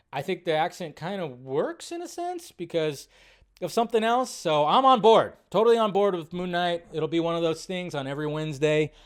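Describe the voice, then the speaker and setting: A man giving a casual spoken review of a TV episode, animated and loose, cursing and acting out his own reactions. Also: on the high side, clear, resonant tone. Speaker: film review vlogger.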